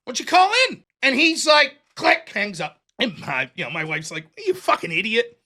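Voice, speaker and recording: A man's voice: sits high, sing-song, moderate pace, pushed and bright. A man hosting a livestream show, telling a story casually, acting out both sides of the dialogue in a profane, self-mocking way.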